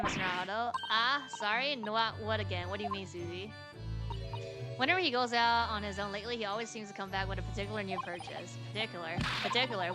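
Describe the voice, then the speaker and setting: A woman with a somewhat high voice reads a game's script aloud, taking every part herself. She drops in casual, sometimes crude asides between the lines. Game music plays clearly beneath her. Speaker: streamer. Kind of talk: reading game dialogue aloud in a let's-play. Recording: game music playing underneath.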